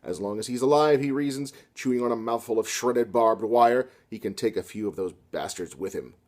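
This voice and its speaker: Deadpan man giving a satirical lecture. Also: mid-range voice, a little fast. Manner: deadpan, sarcastic asides. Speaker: comedy lecturer.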